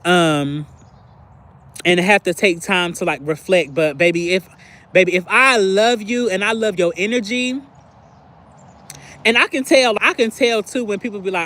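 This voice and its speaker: A lowish, slightly bright female voice at a moderate pace belongs to a livestream host. She talks to her viewers in a relaxed, confessional way, reacting to them with many filler words.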